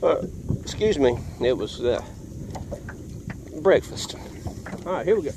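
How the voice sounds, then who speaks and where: A man's voice: fairly high pitch, unhurried, vocal fry, background noise. Folksy man spinning a yarn. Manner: folksy, animated, acts out voices and sounds. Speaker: vlogger telling a childhood story while fishing. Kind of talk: casual storytelling. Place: outdoors on the water, fishing.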